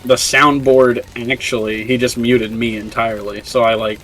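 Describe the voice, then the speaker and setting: A young man co-hosting a casual podcast, rambling and mocking, often jumping into high put-on voices. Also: flat delivery, moderate pace, a bit bright, low-quality recording. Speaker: podcast co-host. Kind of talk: casual chat. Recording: faint background noise.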